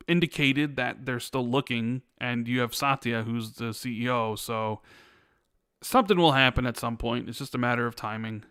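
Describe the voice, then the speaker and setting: A man's voice: mid-range voice, a bit bright, clean tone, no echo, clean studio sound. A man with a Chicago accent co-hosting a casual podcast, rambling and reading viewer questions aloud. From Chicago, USA. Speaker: podcast co-host.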